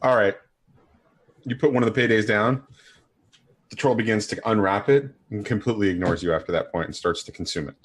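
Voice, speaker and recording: A man running a tabletop game as game master, describing scenes in an unhurried, descriptive way. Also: fairly low pitch, slightly rough.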